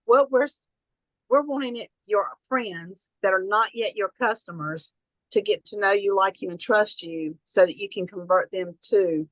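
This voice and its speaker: A woman's voice: mid-range voice, moderate pace, no room sound, rough recording. A woman with a Southern accent coaching a group about social media posts on a call. Her talk is folksy and encouraging, full of "you know" and easy peasy cheer. The sound is dry and close, with no room around it. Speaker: business trainer. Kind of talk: online training call.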